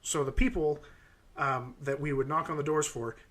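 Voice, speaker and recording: A man's voice: fairly high pitch, fairly even intonation, normal speed, a bit bright. A man in his thirties from the United States, co-hosting a podcast and telling stories in a casual, rambling way with lots of ums. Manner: rambling storytelling with many fillers. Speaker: podcast co-host. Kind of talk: casual chat.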